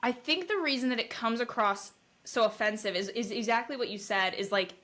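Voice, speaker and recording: Bright-voiced woman telling her story candidly. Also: on the high side, a little fast. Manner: candid, animated storytelling with quoted asides. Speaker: podcast co-host sharing her recovery story. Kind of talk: casual podcast conversation.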